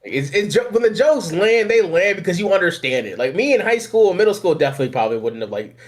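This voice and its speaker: Brief: young Southern man, podcast host, outgoing and giggly, voice sits a bit high. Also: sing-song, fast. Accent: Southern American. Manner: boisterous, outgoing, laughs often. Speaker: podcast host, anime YouTuber. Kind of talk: casual podcast chat.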